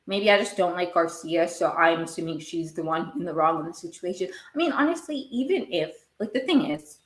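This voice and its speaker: A woman hosting a podcast, recapping a TV show in a rambling, casual way and getting worked up as she talks. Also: lowish voice. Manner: rambling, gets worked up and emotional. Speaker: podcast host. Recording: echoey room.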